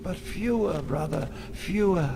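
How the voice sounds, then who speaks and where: A man's voice: high voice, expressive, measured pace, gravelly, dark tone, a little hiss or hum, full character voice. An actor playing an older man in a video game who grumbles about youth in archaic speech. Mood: grumbling.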